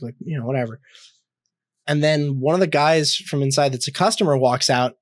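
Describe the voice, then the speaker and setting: A man's voice: medium pitch, brisk, no room sound. A young man co-hosting a podcast, telling a story in a rambling, casual way with lots of fillers, restarts and swearing. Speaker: podcast co-host.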